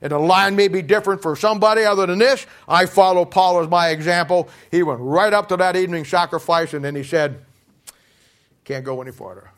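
Male preacher, high voice, animated sermon delivery with shouts and asides, conversational storytelling. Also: fairly quick. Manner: animated, swings from shouting to quiet asides, laughs at his own jokes.

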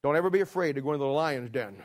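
A middle-aged man preaching a sermon, acting out a story with lively storytelling. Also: fairly high pitch, rapid-fire. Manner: animated storytelling, acting out scenes.

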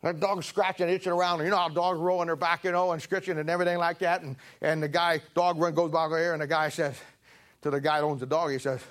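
Man, preacher, sermon, folksy storytelling, rambling restarts, slightly high voice. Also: little pitch movement, fast talker, a bit bright.

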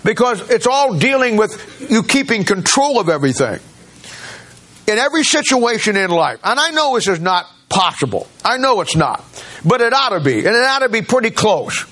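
A man's voice: sits high, big pitch swings, normal speed, sharp tone. A male pastor giving a folksy, conversational sermon, often restarting his sentences.

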